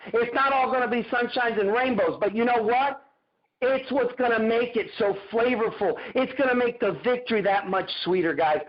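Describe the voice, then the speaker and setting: A man's voice: very high voice, moderate pace, highs cut off. A man giving a fervent, preacher-like motivational talk on a group video call, repeating his phrases. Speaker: motivational speaker.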